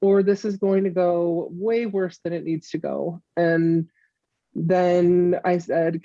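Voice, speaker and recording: Woman, candid interview guest, mellow voice, lo-fi muffled recording, dry. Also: on the low side, fairly even intonation, no room sound. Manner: candid, halting, with frequent restarts. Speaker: guest, mother of the subject. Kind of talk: personal interview, recounting events.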